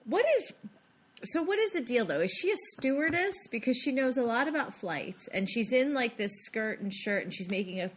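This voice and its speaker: A woman's voice: fairly high pitch, animated, normal speed, slight background noise. A woman co-hosting a podcast, chatting playfully and recapping scenes from a movie. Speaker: podcast co-host. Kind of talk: casual movie discussion.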